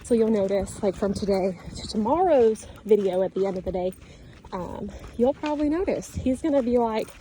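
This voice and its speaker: Calm, mellow-voiced woman dog trainer. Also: mid-range voice, moderate pace, slight background noise, low-quality recording. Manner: calm, steady, instructive. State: hot and sweating. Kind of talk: training vlog narration.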